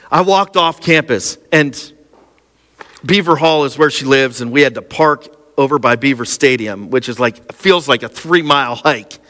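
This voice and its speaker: A middle-aged man preaching a sermon, telling a personal story with lively, self-mocking energy. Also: mid-range voice, a little slow. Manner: personal storytelling, animated, laughing at himself. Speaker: pastor. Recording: long hall reverb.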